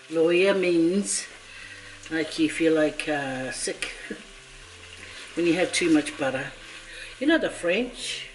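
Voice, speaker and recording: A woman's voice: fairly low pitch, lively intonation, slow, slight background noise. A woman vlogger cooking in her home kitchen, chatting playfully and joking with her viewers as she goes. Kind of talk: casual cooking vlog chat. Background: faint background music.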